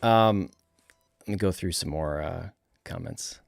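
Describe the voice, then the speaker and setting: Man, New England accent, very low voice, casual livestream chat, soft music behind. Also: measured pace, gravelly, no room sound. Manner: relaxed, chatty, laughs often, many fillers. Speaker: livestream host.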